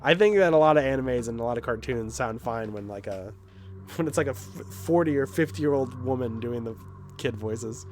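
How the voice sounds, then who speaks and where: A man's voice: mid-range voice, normal speed, darkish tone, faint music behind. A man streaming a video game, making profane, joking comments as he plays. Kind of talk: casual let's-play commentary.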